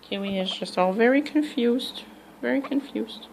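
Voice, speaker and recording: A woman's voice: a little high, moderate pace, gravelly, darkish tone, slight background noise, rough recording. A woman at home talking to her pet parrots and narrating, often cooing in baby talk to them. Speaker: pet vlogger.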